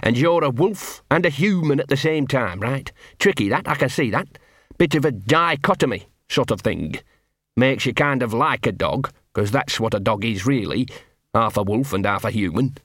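Scruffy talking dog played by a male narrator, nervous and wordy, bit higher than plain speech, dry booth. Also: lively intonation, moderate pace, fairly bright tone, no echo. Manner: rambling, ungrammatical street talk, repeats himself.

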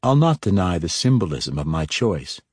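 A cool, composed young dark elf woman, as a male narrator puts her on, speaking with calm poise. The voice stays low, with a dry, close audiobook sound. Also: normal speed, slightly rough, dry recording, full character voice. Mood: poised.

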